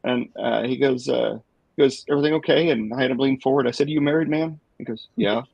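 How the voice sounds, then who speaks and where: A man's voice: medium pitch, quick pace, vocal fry, a little mellow, breathy edge, dry recording, muffled recording. A man hosting a podcast, telling a long rambling story with chuckles along the way. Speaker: podcast host.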